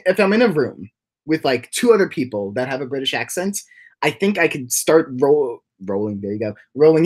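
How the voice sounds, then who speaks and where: A man hosts a casual livestream, rambling through his thoughts and reading chat comments aloud, with lots of restarts and repeated words. He's a livestream host and animation creator who often breaks into high, giddy bursts of laughter.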